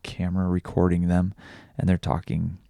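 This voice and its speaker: A young man speaks in a deep, gravelly voice, halting and raw as he confides in a personal vlog. His tone is dark and mellow, close and dry with no room sound, and he swears freely between restarts. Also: completely flat delivery, dry recording. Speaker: vlogger and podcaster.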